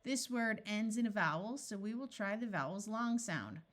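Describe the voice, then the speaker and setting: A woman teaching a phonics lesson, sounding out each word slowly and then blending it together. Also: medium pitch, expressive. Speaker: reading tutor.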